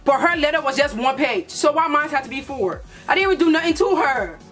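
Young woman from liberia, high voice, animated storytime, faint music behind. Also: fairly quick. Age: young adult. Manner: animated, playful storytelling with put-on voices for relatives. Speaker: vlogger. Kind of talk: storytime vlog.

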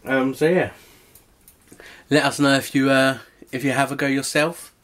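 A young man co-hosts a home baking video at an ordinary mid pitch. He chats enthusiastically and rambles a little, filling pauses with ums. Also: little pitch movement, fairly bright tone. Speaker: co-host. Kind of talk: casual vlog chat.

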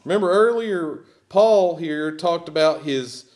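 Man, pastor, sermon, sarcastic and emphatic, lively pitch swings, unhurried pace. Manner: animated, sarcastic, emphatic preaching.

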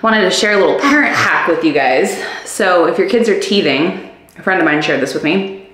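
A woman's voice: lowish voice, expressive, normal speed, a bit bright. A young, heavily pregnant woman vlogging casually at home, chatty and giggly with lots of fillers. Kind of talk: casual vlog talk to camera.

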